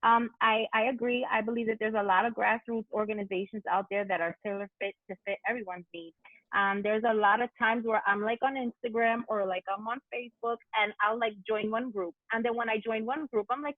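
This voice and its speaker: A woman's voice: mid-range voice, steady tone, a little fast, dry recording. A young woman speaking casually on a video call panel, full of "like" and "you know". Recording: tinny phone-like line, dry.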